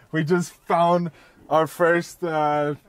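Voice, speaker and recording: A young man chatting casually to his camera for a travel vlog at an outdoor bush campsite, joking and relaxed as he narrates. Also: on the high side, extremely slow, no room sound. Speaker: vlogger.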